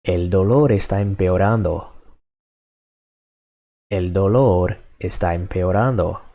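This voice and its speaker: Slow, low-voiced male language teacher. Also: narrow, tinny audio. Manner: repeats each phrase several times, patient and measured. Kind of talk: slow, repetitive lesson drills.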